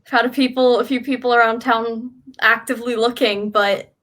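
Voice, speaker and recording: A woman's voice: a little high, steady tone, moderate pace, a bit bright. A woman speaking in character during a tabletop role-playing game, earnest and matter-of-fact.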